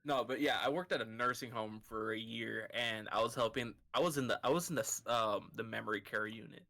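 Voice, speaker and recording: A man's voice: medium pitch, brisk, vocal fry, sharp tone. A man co-hosting a podcast in casual chat, laughing often and poking fun at himself. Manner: giggly, self-deprecating. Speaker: podcast co-host.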